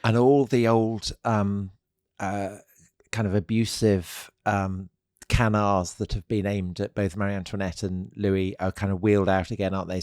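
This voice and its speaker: A man's voice: sits low, a little mellow, no echo. A man co-hosting a history podcast, chiming in with asides and dry quips. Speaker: podcast co-host. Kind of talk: conversational history chat.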